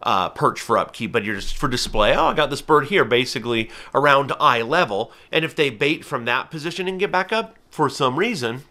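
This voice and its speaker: Bright-voiced man explaining earnestly. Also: medium pitch. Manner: earnest, cautious explaining with everyday examples. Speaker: falconer and channel host. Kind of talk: casual educational talk to camera.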